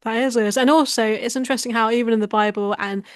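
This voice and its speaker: A woman's voice: fairly high pitch, steady tone, quick pace, no room sound, clean studio sound. A woman hosting an interview, responding to her guest in an effusive, affirming way. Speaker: interview host. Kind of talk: casual interview chat.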